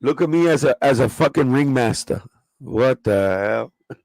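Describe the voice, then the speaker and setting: A man's voice: medium pitch, lively intonation, unhurried, darkish tone, no room sound, rough recording. A man hosting a casual livestream, chatting in a slangy, profane, easygoing way and laughing often. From New York. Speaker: sneaker livestream host.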